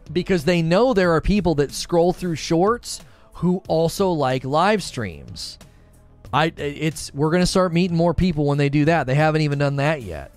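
A chatty, upbeat man in his thirties hosts a live talk stream from home, reading viewer comments and thanking people by name. His voice sits a little high for a man. Faint music plays quietly behind him.

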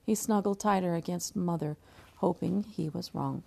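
A woman's voice: lowish voice, normal speed, gravelly, noisy background. A woman teacher reading a novel aloud, with frequent slips and restarts.

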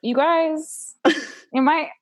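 A woman's voice: high-pitched, slow pace, no room sound. Giggly young woman telling stories, dry sound. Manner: giggly, animated storyteller. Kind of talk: casual chat.

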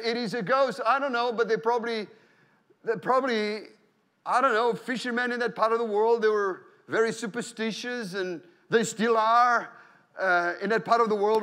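A man's voice: sits high, bright, forceful tone. A male pastor preaching a sermon in a conversational way, often repeating words and now and then rising into exclamations of praise.

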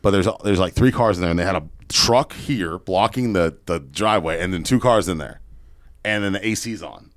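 A man telling a story in a casual podcast chat, animated and swearing freely. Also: low voice, no room sound, studio quality. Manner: fast, profane, animated storyteller. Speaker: podcast guest, real estate investor.

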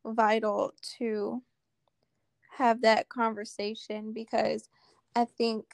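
A woman's voice: on the high side, no echo. A woman hosting a podcast conversation, talking earnestly and repeating her key points for emphasis. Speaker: podcast host.

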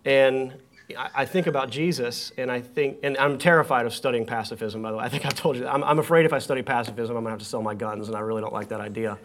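A man's voice: medium pitch, fairly even intonation, fast, a bit bright, a little hiss or hum. A man hosting a casual conversation in a living room, often stumbling and repeating words as he thinks aloud.

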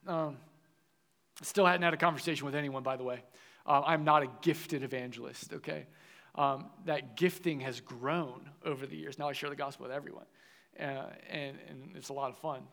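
A young adult man preaching a sermon, telling a personal story in an animated way and acting out the dialogue. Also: mid-range voice, normal speed, creaky. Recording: long reverb of a large hall.

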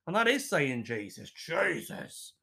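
Sweary, animated man. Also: fairly high pitch, a little slow, creaky. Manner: sweary, animated, laughing asides. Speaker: podcast host. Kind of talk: comic podcast reading letters.

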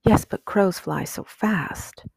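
A woman reading an audiobook, voicing a frightened little girl who pleads in a high, tearful way. Her voice is husky. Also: slow, darkish tone, no echo, full character voice. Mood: doubtful.

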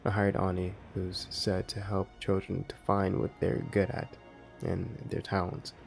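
A man narrating a scary story in a measured, scripted way. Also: sits low, monotone, gravelly. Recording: quiet ambient music behind.

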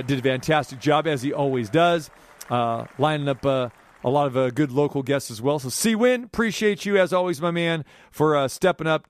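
A man hosting a sports talk radio show, delivering an animated, rambling monologue from a studio. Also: mid-range voice, dry recording.

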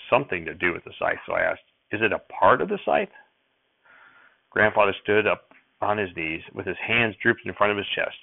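Deep gravelly guy reading an audiobook, steady pace, sounds like a tinny phone line. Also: dry recording. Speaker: audiobook reader. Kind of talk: audiobook narration.

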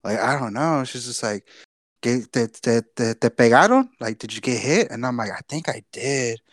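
A man's voice: medium pitch, animated, normal speed, no room sound, studio quality. A young man from Texas telling a long personal story on a podcast, casual and profane, often repeating himself. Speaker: podcast co-host.

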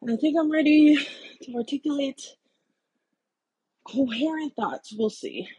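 A woman's voice: high-pitched, measured pace, dark tone, poor audio. A woman vlogger giving a heated, blunt political rant full of swearing. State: out of breath.

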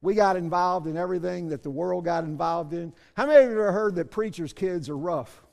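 A man pastor preaching a sermon, moving between soft asides and loud shouted bursts. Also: high-pitched, quick pace, creaky, in a large hall.

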